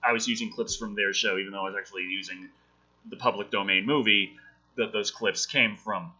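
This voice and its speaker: A man's voice: on the low side, fairly even intonation, a little fast, pushed and bright. A man hosting a casual livestream chat, with a slight Southern US accent, ranting emphatically and swearing freely. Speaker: podcast host. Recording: dull lo-fi mic.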